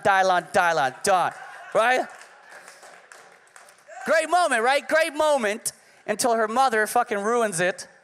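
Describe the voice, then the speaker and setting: A thirty-something comedian with a high, smooth, fairly bright voice performs a brash, profane, punchy set at a club. The recording carries live hall reverb.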